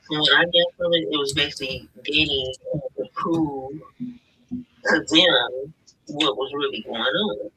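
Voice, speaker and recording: Man, profane gossip storyteller, bright edgy voice, sits back from the mic, faint hiss. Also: a little high, normal speed. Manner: animated, profane, quotes others in raised voice. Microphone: video call. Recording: distant mic with faint noise.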